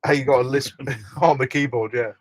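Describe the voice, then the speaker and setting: A man's voice: mid-range voice, steady tone, brisk, slight background noise. A middle-aged man hosting a casual live stream from inside a motorhome, chatting and reading out viewer comments with frequent laughs.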